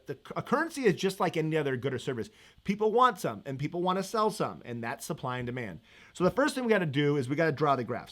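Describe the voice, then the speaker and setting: A man teaching economics in a live-stream review, chatty and upbeat, laughing easily as he reads viewer comments. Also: on the high side.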